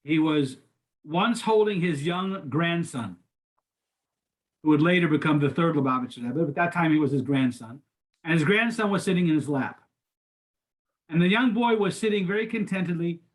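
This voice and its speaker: Older man teaching an informal class. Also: fairly high pitch. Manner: informal, frequent restarts and repeated words. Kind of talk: conversational lecture.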